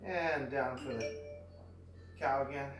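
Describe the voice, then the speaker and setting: Speaking slowly and far from the mic, a man in a roomy space at home near a backyard vlogs casually about exercise, tired from his workout. This fitness vlogger has a mid-range voice and a relaxed, rambling manner full of fillers, with faint music playing behind him.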